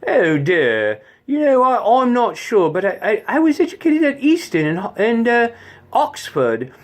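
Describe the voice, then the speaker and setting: A man voicing a prim upper-class English gentleman with a refined accent, in a high voice. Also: huge pitch swings, measured pace, exaggerated voice.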